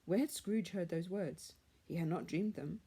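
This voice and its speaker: A woman reading a classic story aloud in a measured, hushed manner. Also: on the low side, slightly rough. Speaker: reader.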